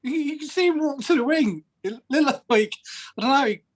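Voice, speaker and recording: A man's voice: very high voice, brisk. A man co-hosting a casual podcast, speaking hesitantly with many fillers and laughing easily. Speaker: co-host.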